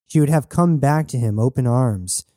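A man narrating an audio drama in an even, measured storytelling manner. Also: mid-range voice, dry recording, studio quality. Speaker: narrator and sole performer.

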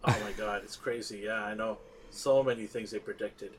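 A middle-aged man hosting a podcast in casual chat, animated, laughing often and trailing off with fillers. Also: fairly low pitch, normal speed, a little hiss or hum. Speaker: podcast host.

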